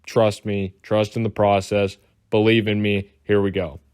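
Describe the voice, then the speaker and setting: A man's voice: fairly low pitch, little pitch movement, unhurried, darkish tone, smooth. A man from the United States giving casual, rambling reaction commentary and swearing freely. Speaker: commentary YouTuber.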